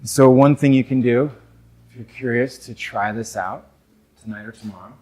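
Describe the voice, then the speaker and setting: A man's voice: mid-range voice, fairly even intonation, normal speed, mellow. Brief: young adult North American man, speaking to a live audience, conversational and reflective, mid-range voice. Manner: reflective, conversational, many fillers and asides. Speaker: men's work speaker.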